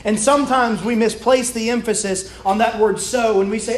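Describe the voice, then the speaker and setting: A man preaching a sermon to his church, his phrases trailing off low and soft at the ends. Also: steady tone, moderate pace, hardly any pauses. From Kentucky. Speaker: pastor. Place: church sanctuary. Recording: echoey church room.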